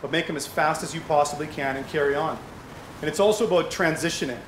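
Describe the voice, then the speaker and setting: Middle-aged man, slightly higher voice, chatty anecdotal speaker with rhetorical questions, echoey hall. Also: quick pace. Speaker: speaker at a charity fundraiser. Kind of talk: conversational speech to an audience. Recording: echoey hall with faint background hum.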